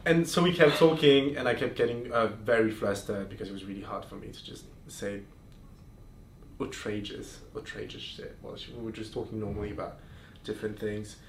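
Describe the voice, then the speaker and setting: A man hosting a podcast, telling explicit stories in casual chat, full of fillers and restarts. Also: on the low side. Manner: candid, explicit storytelling with frequent fillers. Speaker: podcast host. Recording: roomy sound, far from mic, faint noise.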